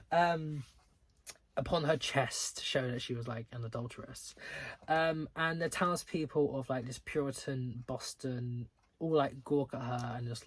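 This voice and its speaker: Young male book reviewer, casual and rambling, prone to exasperated dramatic outbursts, mid-pitched voice. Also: husky, dry recording. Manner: chatty, full of "like" fillers and restarts.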